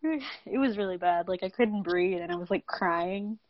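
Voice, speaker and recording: A woman's voice: medium pitch, normal speed, no echo. A young woman co-hosting a podcast in casual chat, candid and self-mocking, often laughing. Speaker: podcast co-host. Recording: dry, dull lo-fi sound.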